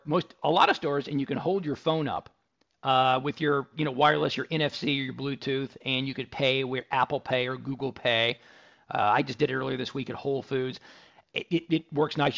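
A man with a slightly high, gravelly voice hosts a live tech radio broadcast on location from a store, chatting enthusiastically with tangents and restarts. The sound is lo-fi.

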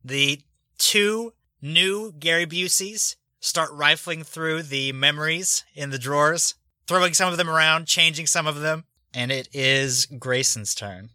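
Bright, dry-voiced male game master. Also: a little high, measured pace, no room sound. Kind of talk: narrating a tabletop game.

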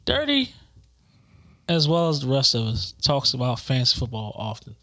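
A man's voice: mid-range voice, fairly quick, sharp tone, no room sound, clean studio sound. A man co-hosting a casual podcast chat, teasing and slangy. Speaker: podcast co-host.

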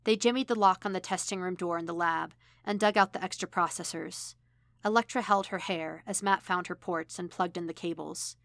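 A woman reads a story aloud in a steady, even manner. Her voice sits low with a gravelly fry, recorded close and dry. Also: normal speed, dry recording. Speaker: podfic reader. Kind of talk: storytelling narration.

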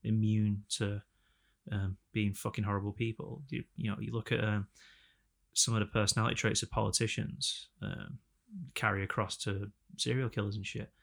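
A young man rambles through a casual podcast chat, swearing freely and getting animated. His voice sits low with a gravelly edge. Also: moderate pace. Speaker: podcast co-host.

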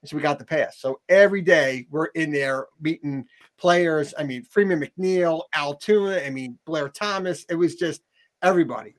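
A middle-aged man telling a story in a casual interview, animated, acting out the people he quotes, with frequent restarts. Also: fairly high pitch, moderate pace.

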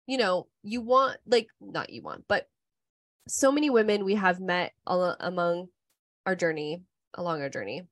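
A woman in her thirties co-hosts a podcast, chatting casually and telling personal stories in a candid, rambling way with frequent use of "like". Her middling-pitched voice moves at a normal speed, captured with studio quality and no echo.

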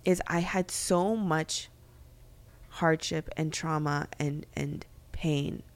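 A young woman with a fairly low voice talks in a candid, reflective way on a faith podcast. She thinks aloud and fills her sentences with "like" and "um." Her tone is earnest and personal. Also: steady tone, takes it slowly. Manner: earnest, reflective, many fillers and restarts. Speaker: podcast co-host.

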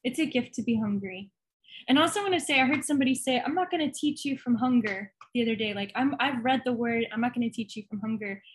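Woman podcast host, kinda husky higher voice, encouraging and upbeat. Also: fast talker. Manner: encouraging, affirming, exhorts listeners. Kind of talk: faith podcast chat.

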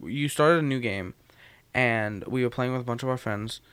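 A man in casual chat, a game master telling tabletop stories in a joking, animated way. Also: mid-range voice, moderate pace, clear, resonant tone, dry recording.

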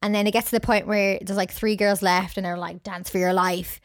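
A woman's voice: medium pitch, fairly even intonation, a little fast, no room sound, studio quality. A young woman co-hosting a casual film podcast, chattily recapping scenes and acting out the characters' lines. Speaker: podcast co-host.

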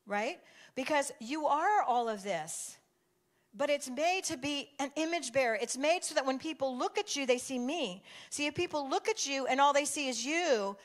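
An older woman giving a conversational sermon, telling a family story with emphatic repetition. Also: high-pitched. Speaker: speaker sharing a devotional message.

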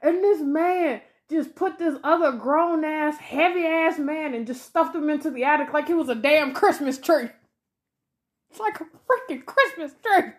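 A woman with a high, light voice co-hosts a casual podcast review. She talks in an animated, exasperated rush, picking apart what she just watched. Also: moderate pace, few pauses. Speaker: podcast co-host. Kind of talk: casual movie review chat.

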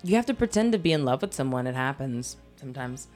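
Young woman, low voice, casual podcast co-host, swears and laughs, faint music behind. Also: expressive, quick pace, darkish tone. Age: young adult. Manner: loose, profane, laughs often. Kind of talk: casual chat.

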